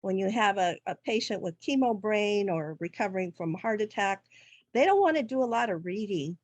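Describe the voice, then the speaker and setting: A woman's voice: mid-range voice, animated, brisk, a little mellow, dry recording. Chatty, keen woman on a dry video call with a long question. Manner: eager, talkative, run-on sentences. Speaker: webinar audience member asking a question. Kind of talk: casual video-call chat.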